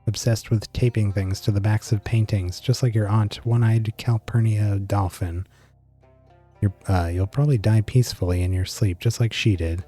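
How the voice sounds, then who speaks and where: A man's voice: fairly low pitch, steady tone, normal speed, mellow, soft background music, natural voice. A man reading the lines of a stern, smug father heard over an old radio, in a scolding manner.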